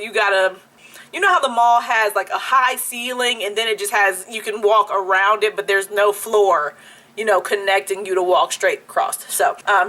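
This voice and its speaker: A young woman vlogger telling a story-time anecdote in a casual, animated way, laughing often. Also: mid-range voice. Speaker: beauty YouTuber.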